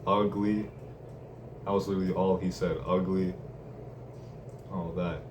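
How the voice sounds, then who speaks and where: A man's voice: low-pitched, flat delivery, fast. A young man rambling casually with lots of slang and laughter while telling a story from his day. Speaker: vlogger. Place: room at home. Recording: distant mic, faint room noise.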